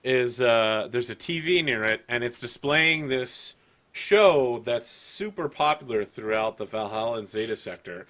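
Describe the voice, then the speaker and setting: Man, game master, tabletop game, animated, rambling narration. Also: medium pitch, measured pace.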